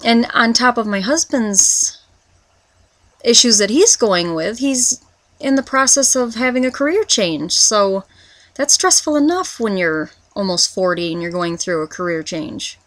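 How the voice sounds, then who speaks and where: A woman in her twenties talking through a confessional personal vlog, rambling and halting, with many restarts as she searches for words. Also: fairly high pitch, lively intonation, fairly bright tone, dry recording. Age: 20s. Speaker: vlogger.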